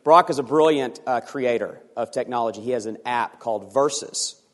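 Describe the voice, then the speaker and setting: A man preaching a sermon as pastor, animated and sometimes acting out voices for emphasis. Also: mid-range voice, moderate pace, long reverb tail.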